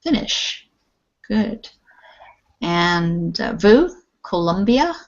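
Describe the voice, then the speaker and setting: A woman's voice: mid-range voice, very animated, extremely slow. A woman teaching an English class online, patient and encouraging. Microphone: video call. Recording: muffled lo-fi video call audio.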